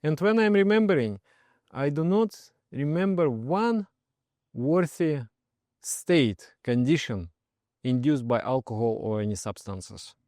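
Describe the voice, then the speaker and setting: Soft-spoken male meditation teacher, dry sound. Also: fairly high pitch, animated, a little slow, no echo. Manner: soft-spoken, often trails off quietly, laughs while telling stories. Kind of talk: personal story and spiritual advice.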